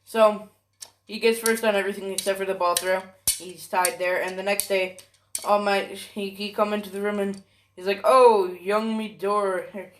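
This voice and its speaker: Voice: mid-range voice, level tone, moderate pace, a bit bright. A fan storyteller rambling through an improvised story, swearing often and correcting themselves mid-sentence. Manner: rambling, profane, self-correcting, many fillers.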